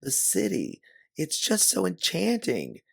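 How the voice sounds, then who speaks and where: A man voicing an excitable young woman time traveler who squeals with delight. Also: on the low side, takes it slowly, creaky, breathy edge, voice pushed up, exaggerated voice. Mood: enchanted. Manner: squealing, wide-eyed and enchanted.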